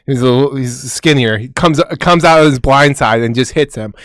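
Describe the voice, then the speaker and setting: A man's voice: mid-range voice, normal speed, fairly bright tone, no echo, studio quality. A man co-hosting a football podcast, talking casually with lots of swearing and laughter. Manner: profane, laughing, hyped. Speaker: podcast co-host. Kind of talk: casual sports chat.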